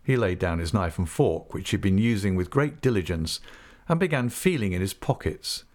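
A man with a fairly low voice reads a novel aloud in the first person. His delivery is earnest, and his intonation rises and falls widely from line to line. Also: animated, normal speed, a little mellow. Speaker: audiobook narrator. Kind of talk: scripted first-person narration.

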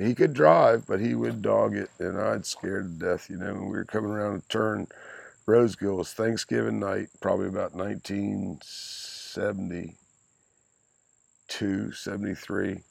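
Guesting on his child's podcast, a man in his sixties spins meandering stories, laughs a lot and swears freely throughout the casual chat. His voice is fairly low and a little mellow with vocal fry, captured in a dry recording.

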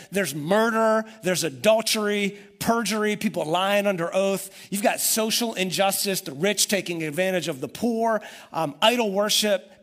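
A man's voice: sits high, a bit bright. A man preaching a sermon, telling the story with energy and acting out the voices of the people in it. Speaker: pastor.

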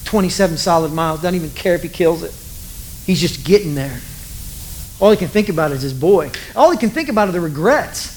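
A man's voice: on the high side, lively intonation, brisk, low-quality recording. A man preaching a sermon in a loose, conversational storytelling way, full of asides to the audience. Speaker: pastor.

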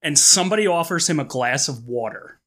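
Dude retelling his fav movie bit, kinda high bright voice, keeps cracking up. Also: brisk. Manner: animated storyteller, laughs easily. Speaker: podcast co-host. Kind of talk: casual movie chat.

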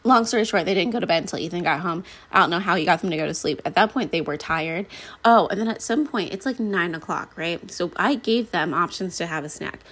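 A woman in her thirties chats through a family story on her own podcast. Her voice sits low and a little husky, and she acts out the back-and-forth as she goes. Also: brisk. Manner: chatty, animated storytelling with quoted asides. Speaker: podcast host. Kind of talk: casual solo podcast chat.

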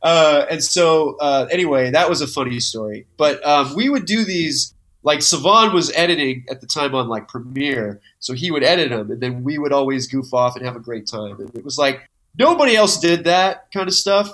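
Animated, bright-voiced storytelling man. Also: on the high side, normal speed. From Modesto, California. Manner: animated, swears freely, acts out quotes. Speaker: guest, comedy creator. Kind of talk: casual storytelling chat.

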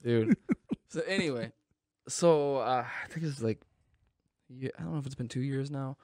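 A man's voice: medium pitch, moderate pace, a little mellow, no room sound. A man in his thirties telling a story in a casual, laid-back way, swearing and saying "dude" often.

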